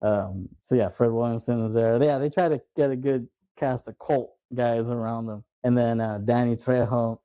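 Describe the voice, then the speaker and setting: A man hosting a casual movie podcast, retelling scenes with quick voice impressions and laughing often. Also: medium pitch, fairly even intonation, mellow, dry recording, poor audio. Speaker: podcast host.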